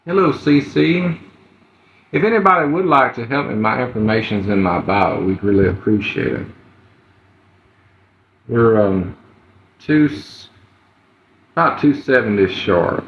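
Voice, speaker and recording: A man hosting a live stream, greeting viewers by name in an unhurried way with fillers. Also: mid-range voice, expressive, vocal fry. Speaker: livestream host. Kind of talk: casual live-stream chat. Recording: roomy, dull lo-fi livestream audio.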